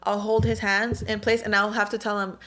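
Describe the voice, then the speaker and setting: Young woman, candid casual talk, animated storytelling, lots of "like" and "dude", mid-pitched voice, podcast co-host. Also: a little fast, a crowd in the background. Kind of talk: casual chat.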